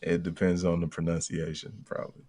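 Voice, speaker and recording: Low-voiced man in his thirties. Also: completely flat delivery, fairly quick, a crowd in the background. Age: 30s. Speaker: trivia contestant. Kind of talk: casual chat.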